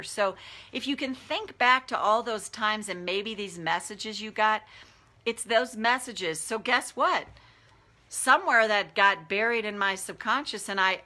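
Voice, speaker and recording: A middle-aged woman, a life coach, talking casually on a live stream and acting out the voices in her head. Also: mid-range voice. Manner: animated, acts out inner voices.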